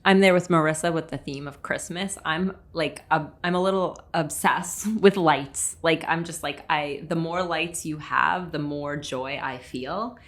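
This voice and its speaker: A woman's voice: low-pitched, measured pace, hardly any pauses. A woman co-hosting a faith podcast, chatting casually and gushing, with many filler words. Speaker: podcast co-host. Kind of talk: casual chat.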